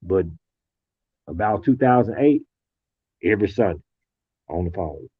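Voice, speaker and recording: A man talking casually and reflectively, telling stories in a relaxed colloquial way. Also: lowish voice, a little slow, breathy edge, no echo. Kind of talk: casual conversation. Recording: tinny phone-like line.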